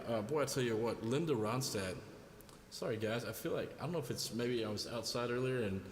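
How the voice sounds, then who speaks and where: A man's voice: on the low side, a little hiss or hum. A man hosting a live music stream, chatting casually and jokingly with viewers between songs and greeting them by name. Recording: roomy sound with long reverb. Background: guitar music.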